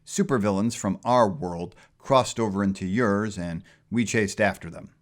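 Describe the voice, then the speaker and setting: A man's voice: fairly low pitch, normal speed, natural voice. A man doing a proud, confident superhero. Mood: firm.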